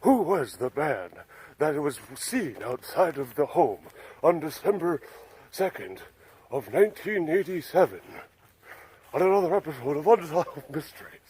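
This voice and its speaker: A man putting on a grave older male TV mystery narrator's voice, slow and ominous. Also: a little high, very animated, warm tone, a little hiss or hum.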